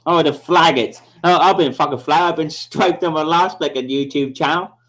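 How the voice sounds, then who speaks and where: A man's voice: on the high side, moderate pace, a bit bright. A man hosting a casual livestream chat, sweary and blustering, often repeating himself. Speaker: livestream host.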